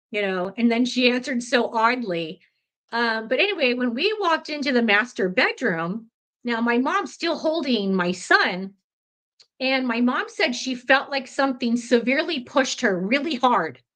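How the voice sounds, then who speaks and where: Her voice sits on the high side with a sharp tone. She's a woman in her fifties recounting a personal story on a podcast, rambling loosely with fillers, corrections of herself, and easy laughter.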